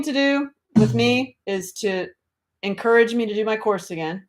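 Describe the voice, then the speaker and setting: A woman's voice: on the high side, normal speed. A middle-aged woman hosting a casual livestream, talking animatedly, swearing freely and reading out viewer comments. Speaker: livestream host.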